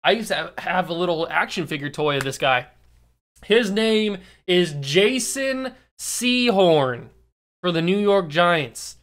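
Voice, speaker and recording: A young man in his early twenties hosts a casual sports commentary monologue. He talks animatedly and teases his viewers, and he slows right down to lean on the words that matter. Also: high voice. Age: early 20s. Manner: animated, teasing, slows down to stress key words. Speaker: YouTube host.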